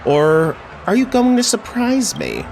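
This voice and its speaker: A man voicing a smooth, sly investigative journalist, polished and teasing in tone, over game music. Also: high-pitched, huge pitch swings, a little slow, darkish tone, pitched above the performer's own voice, full character voice.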